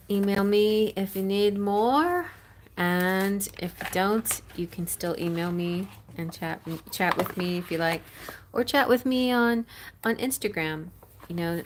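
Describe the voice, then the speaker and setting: A woman's voice: medium pitch, slight background noise. A middle-aged woman hosting a live tarot reading stream, chatting casually and rambling, laughing often.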